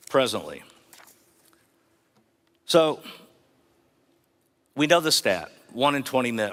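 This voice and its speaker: A middle-aged man delivers a keynote with earnest conviction, asking rhetorical questions and inviting the crowd to join in. His voice sits fairly low. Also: fairly bright tone. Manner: earnest, rhetorical, engages the audience. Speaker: keynote speaker. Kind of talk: motivational keynote speech.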